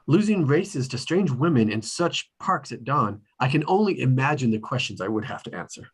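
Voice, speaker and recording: A man's voice: mid-range voice, sing-song, moderate pace, husky. Man reading Anthony, a teasing charming aristocrat. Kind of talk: online table read.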